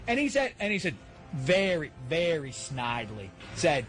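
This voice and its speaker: A man hosting a radio show, telling exasperated comic stories and shouting the punchlines. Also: a little high, sing-song, normal speed, music in the background. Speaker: radio host. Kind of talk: comedic radio rant. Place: Los Angeles.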